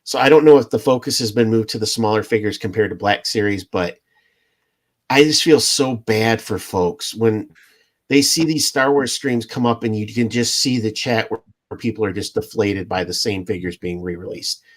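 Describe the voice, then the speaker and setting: A man's voice: fairly low pitch, normal speed. A man talking earnestly and sympathetically in a casual podcast chat, with some hesitation.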